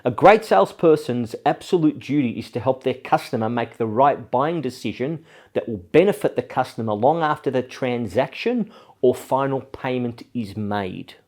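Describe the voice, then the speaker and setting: A man's voice: medium pitch, expressive, moderate pace, a little mellow. A man hosting a business advice show, talking energetically and persuasively, often ending points with "okay?". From Australia. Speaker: host.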